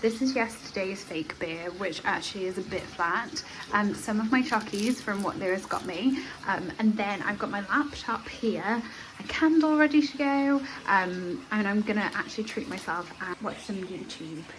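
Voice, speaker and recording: A woman's voice: medium pitch, animated, moderate pace, background noise. A young woman talking to camera in a chatty daily vlog, rambling with lots of ums and likes. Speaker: vlogger.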